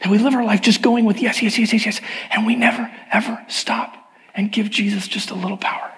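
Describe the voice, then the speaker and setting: A man's voice: sits high, fairly even intonation, a little fast, a bit bright, a little hiss or hum. A middle-aged male pastor giving a sermon, telling personal stories in a candid, confessional way. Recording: long hall reverb.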